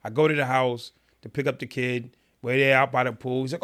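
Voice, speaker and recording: A middle-aged man telling animated stories in conversation, often acting out other people's voices. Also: mid-range voice, fairly quick. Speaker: guest, former prisoner turned reform speaker.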